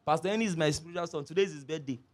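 A man preaching a sermon, telling stories with lively repetition. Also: on the high side, very fast. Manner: animated storytelling, repeats phrases, laughs often. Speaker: pastor.

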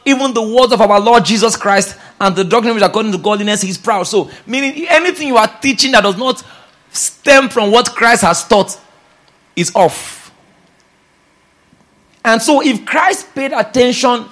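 Emphatic high-voiced pastor preaching. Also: male voice, normal speed. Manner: emphatic, repeats key phrases, rises loud for scripture readings. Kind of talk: sermon.

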